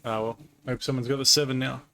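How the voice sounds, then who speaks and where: A man's voice: medium pitch, level tone, fast talker, creaky, background noise. A man streaming a card game live, chatting casually with viewers and swearing now and then. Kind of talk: live-stream gaming commentary.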